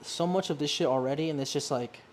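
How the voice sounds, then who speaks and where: A woman's voice: low-pitched, fast talker. A young woman, chatting casually on a couch, acting out the voices in her stories and laughing often. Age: young adult. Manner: animated storyteller, acts out quoted voices, laughs often. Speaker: guest. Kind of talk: casual chat. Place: living room, seated on a couch.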